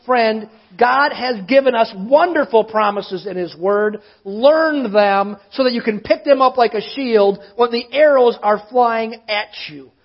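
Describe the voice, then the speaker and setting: A pastor preaching a sermon, emphatic, often slowing down to stress his words. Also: very high-pitched, lo-fi sound.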